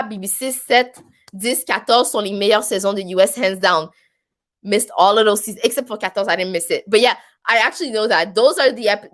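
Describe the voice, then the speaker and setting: A woman with a Québécois French accent and a medium-pitched, fairly bright voice hosts a casual live stream. She reads viewer comments, chatting and rambling with plenty of fillers.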